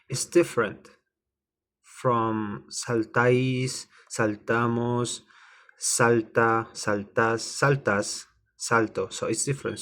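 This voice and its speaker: A Spanish teacher with a mid-range, slightly bright voice leads a slow, repetitive language lesson. He spells out words and repeats phrases over and over.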